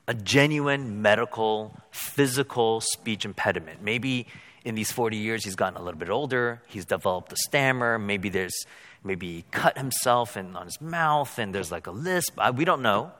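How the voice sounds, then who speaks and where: A man preaching a sermon as a pastor, rising to loud, high-pitched emphasis and then dropping to quiet. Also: moderate pace. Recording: long hall reverb.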